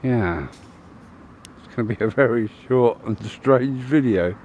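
A man's voice: mid-range voice, a little slow, darkish tone, dull audio, slight background noise. A middle-aged man and truck driver, chatting casually in a rambling way while filming himself outdoors by a roadside and an old wall. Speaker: travel vlogger and truck driver. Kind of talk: casual travel vlog to camera.

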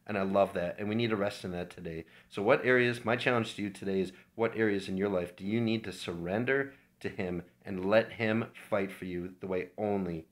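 A man with a deep, low voice speaks to his church family in an informal devotional. He is from Minnesota and talks in an earnest, heartfelt way, as if sharing a personal testimony. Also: a little fast, hardly any pauses. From Minnesota, USA.

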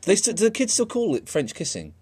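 A man's voice: high-pitched, wildly swooping pitch, brisk, darkish tone, husky. A man hosting a radio show, chatting jokily in the studio with many restarts. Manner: joking, rambling with restarts. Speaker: radio host. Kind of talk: casual studio chat.

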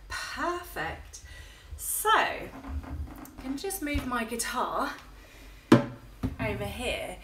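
Slow, bright-voiced sing-song woman teacher. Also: sing-song, slight background noise. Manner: sing-song, coaxing, with playful high and low swoops. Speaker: children's music teacher. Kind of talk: toddler music class. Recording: echoey room with ukulele playing.

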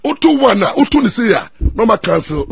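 Excitable Ghanaian man, husky and animated. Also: sits high, a little fast, dry recording. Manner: excitable, mixes Twi and English, repeats words. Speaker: lawyer and commentator. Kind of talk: animated storytelling talk.

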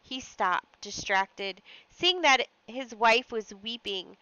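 A woman teacher reading a classic short story aloud for a lesson, with expressive delivery and the odd aside. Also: a little high, takes it slowly, smooth, no echo, dull audio. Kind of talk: read-aloud lesson narration.

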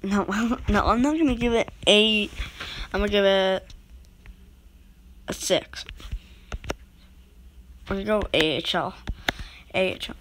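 Woman vlogger, slow, rambling, self-interrupting, faint noise behind. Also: mid-range voice. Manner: rambling, self-interrupting, talks to viewers directly. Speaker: video creator rating goal horns. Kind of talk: casual rambling vlog talk.

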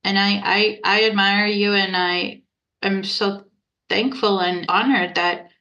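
A woman's voice: medium pitch, steady tone, takes it slowly, sharp tone, muffled recording. A woman relationship coach, a guest on a podcast, speaking earnestly and affirming her host. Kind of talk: podcast interview conversation.

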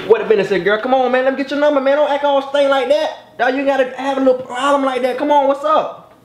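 A man playing a pushy, loud man who catcalls a woman on the street, with brash, drawling flirting. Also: extremely high pitch, fairly even intonation, fast talker, roomy sound, a little hiss or hum, voice pushed up.

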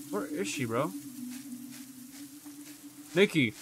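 A man's voice: a little high, moderate pace, long pauses, background noise. Exasperated cursing male game streamer. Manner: profane, exasperated, keeps calling out to a teammate. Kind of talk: live gameplay commentary.

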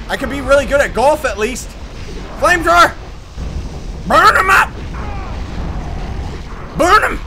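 Loud excitable male gamer, high bright voice. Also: a little hiss or hum. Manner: loud, excitable, yelling at enemies. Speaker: let's play gamer. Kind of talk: excited gameplay commentary.

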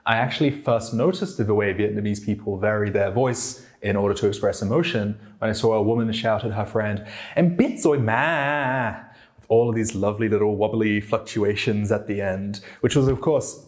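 A man's voice: on the low side, darkish tone. A man teaching a language lesson, explaining tones and demonstrating them aloud. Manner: demonstrates tones by acting out sounds.

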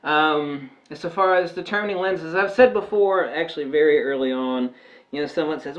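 A man's voice: fairly high pitch, normal speed, fairly bright tone, dull audio. A man talking casually to camera as a photography vlogger, rambling with many "uh" and "um" fillers and jokey asides.

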